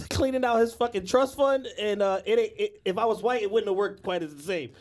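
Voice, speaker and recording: A man co-hosting a podcast in casual chat, chiming in with dry quick jokes and laughter. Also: sits high, darkish tone. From United States. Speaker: podcast co-host.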